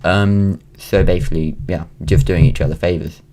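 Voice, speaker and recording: There's a noisy background behind this low-pitched young man from Wales, whose British-accented delivery is fairly even and moderately paced. In his late teens, he vlogs casually from home, rambling with frequent ums and restarts.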